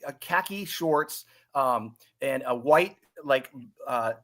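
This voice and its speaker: A man's voice: medium pitch, expressive, takes it slowly, fairly bright tone. A man telling a rambling anecdote in casual podcast chat, correcting himself and laughing easily. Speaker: podcast guest or co-host telling a story. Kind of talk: casual storytelling.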